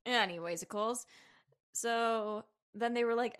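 A woman's voice: medium pitch, unhurried. A woman co-hosting a podcast, recapping a show in giggly, playful chat. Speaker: podcast co-host. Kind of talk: casual chat.

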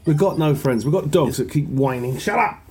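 A man's voice: a little high, expressive, brisk, a little mellow. Joking comedian guy cohosting, chatty, faint hiss behind him. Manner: jokey, chatty, self-mocking. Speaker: podcast co-host, comedian. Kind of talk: casual chat. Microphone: video call.

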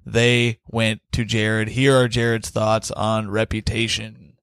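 A man's voice: lowish voice, level tone, takes it slowly, fairly bright tone, clean tone, dry recording. A man co-hosting a podcast in casual chat, rambling with hesitations and easy laughter. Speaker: podcast co-host.

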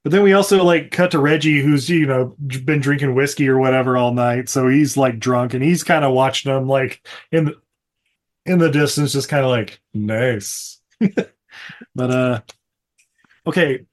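At a medium pitch and normal speed, a man co-hosting a podcast chats casually through a movie recap. He rambles and swears, filling the talk with fillers and laughs.

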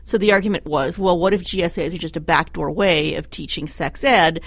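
A woman columnist on a panel, telling stories in an animated, theatrical way with many restarts. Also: fairly low pitch, a little fast, no room sound. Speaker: political columnist guest. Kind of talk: casual panel chat.

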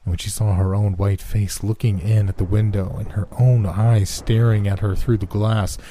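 A man narrating a horror story in a slow, measured way. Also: on the low side, little pitch movement, mellow, slight background noise.

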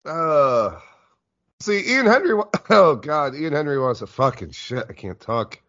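Congested male co-host, higher, animated voice, jokey, dull recording. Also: unhurried. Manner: jokey, reads listener questions. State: stuffed up, congested. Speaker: podcast co-host reading listener questions. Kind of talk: casual chat.

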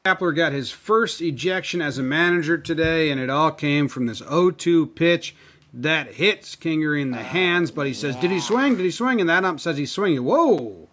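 A man's voice: fairly high pitch, normal speed, a bit bright. A man giving a profane, sarcastic breakdown of a video clip, acting out the people he quotes.

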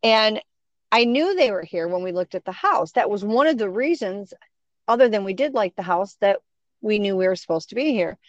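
A woman's voice: medium pitch, normal speed, no echo. Middle-aged woman, casual storyteller, acts out quotes, muffled close sound. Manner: animated, acts out quoted voices. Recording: dull, dry sound.

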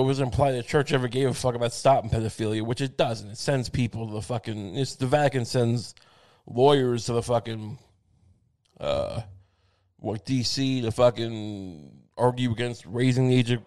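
A man's voice: medium pitch, normal speed, a little mellow. Man ranting profanely, full of restarts. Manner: profane, rambling, sardonic rant with many restarts. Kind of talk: comedic monologue.

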